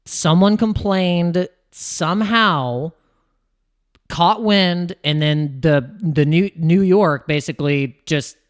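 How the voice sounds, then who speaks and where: Chatting casually on a livestream, this American man talks crypto in a rambling way. His pitch jumps quickly and animatedly, and he often restarts himself and laughs.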